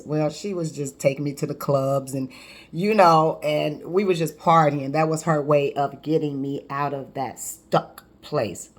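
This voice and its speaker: A woman in her fifties, a life coach, telling her personal testimony in a lively, conversational way with frequent restarts. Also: deep voice, a little slow.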